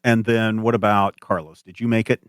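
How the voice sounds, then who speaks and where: A man narrating as game master of a tabletop game, animated and hesitant with many fillers. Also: lowish voice, fairly quick, dry recording, clean studio sound.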